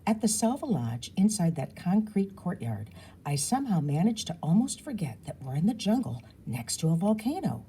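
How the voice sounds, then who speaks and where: A woman reading a children's novel aloud in a lively, expressive storytelling manner. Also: fairly low pitch, moderate pace, slight background noise. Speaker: audiobook reader.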